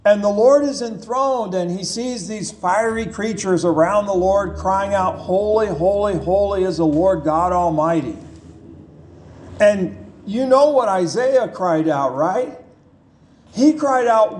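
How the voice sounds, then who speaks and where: A man's voice: high-pitched, lively intonation, a little slow. A man preaching a sermon in an emphatic, repetitive way, asking the listeners rhetorical questions.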